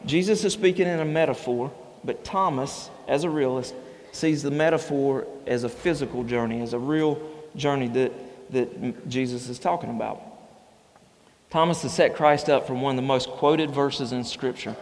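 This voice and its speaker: A man's voice: mid-range voice, moderate pace. A man delivering a sermon in a conversational, storytelling way, his voice sitting in the middle range. The sound carries a long reverb, as if from a large church hall. He moves easily between scripture and homespun anecdotes. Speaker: pastor.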